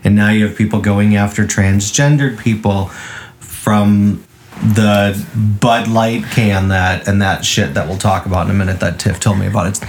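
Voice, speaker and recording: A man's voice: lowish voice, steady tone, normal speed, a little hiss or hum. A man co-hosting a casual podcast, ranting with heavy profanity. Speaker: podcast co-host. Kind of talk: casual chat.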